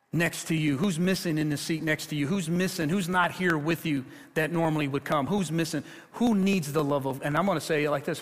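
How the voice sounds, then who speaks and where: A man preaching a sermon as pastor of his church, speaking with passion and rising louder at the high points. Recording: long hall reverb.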